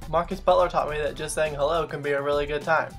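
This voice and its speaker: A man's voice: fairly high pitch, little pitch movement, fast talker, fairly bright tone, faint music behind. A young man hosting a comedic vlog, sarcastic and self-mocking, swearing freely. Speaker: vlogger.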